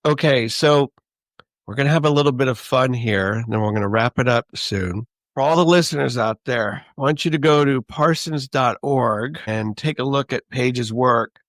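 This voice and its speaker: A man's voice: mid-range voice, moderate pace, a bit bright, no echo. A man hosting a casual podcast interview in a friendly, upbeat way. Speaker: podcast host.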